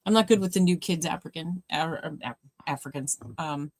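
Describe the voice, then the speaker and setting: Woman, low voice, casual rambling chat, laughs a lot, dry close sound. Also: normal speed, no echo. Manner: chatty, laughs often, trails off mid-sentence. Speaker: livestream co-host. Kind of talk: casual chat during a movie watch party.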